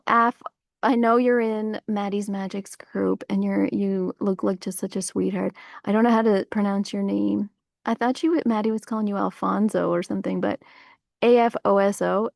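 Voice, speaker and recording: Woman host with a gravelly, mid-pitched voice, chatting loosely outdoors in a rambling, spiritual way. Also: little pitch movement, moderate pace, darkish tone, dry recording, clean studio sound. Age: adult parent. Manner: meandering, heavy on fillers, spiritual musings. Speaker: livestream host. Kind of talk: casual rambling monologue. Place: outdoors on a warm day.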